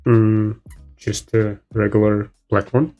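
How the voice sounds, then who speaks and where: A young man hosting a casual chat, speaking English haltingly and switching to relaxed commentary. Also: fairly low pitch, dull audio, soft background music. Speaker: English teacher, host.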